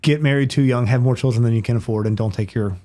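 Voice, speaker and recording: A man's voice: medium pitch, fast talker, dark tone. A man talking as a podcast guest in casual conversation, earnest and heartfelt, often restarting his sentences.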